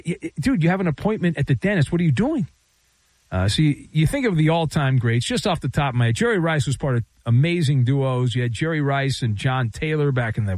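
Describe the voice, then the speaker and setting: A man's voice: on the high side, darkish tone, dry recording. A man hosting a sports talk radio show, riffing in a sarcastic, playful monologue.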